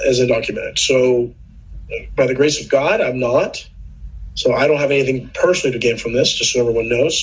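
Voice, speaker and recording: A husky-voiced man talks through a political issue in a relaxed podcast chat. His pitch sits at an average level. He explains patiently, often backtracking to fix a word or restart a thought. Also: low-quality recording. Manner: earnest, explanatory, with frequent restarts. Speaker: podcast guest.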